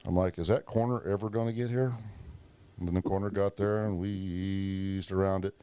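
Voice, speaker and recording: This man has a somewhat low voice. He hosts a laid-back podcast and tells stories full of swearing, jumping into the voices of the people he quotes as he goes. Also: moderate pace, clean tone. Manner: profane, animated storyteller acting out quoted voices. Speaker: podcast host. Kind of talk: casual storytelling chat.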